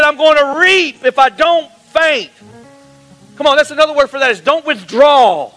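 A male pastor preaching a sermon, calling on the congregation to answer back and building to loud, emphatic peaks. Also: extremely high pitch, expressive, moderate pace, soft background music, poor audio. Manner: call-and-response preaching, rising to shouts.

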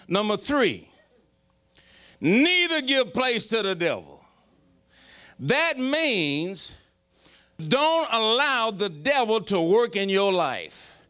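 A pastor preaching a folksy, joking sermon. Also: male voice, sits high, bright, forceful tone.

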